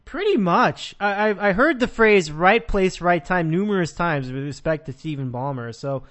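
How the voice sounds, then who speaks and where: A man's voice: sits high, expressive, normal speed, fairly bright tone. A man hosting a casual sports podcast, talking in a rambling way with frequent restarts. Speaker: podcast host.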